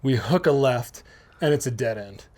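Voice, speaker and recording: Animated storytelling man from Minnesota. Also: medium pitch, moderate pace. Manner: animated, swearing, acts out quotes in raised voice. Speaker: podcast host. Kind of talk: casual storytelling chat.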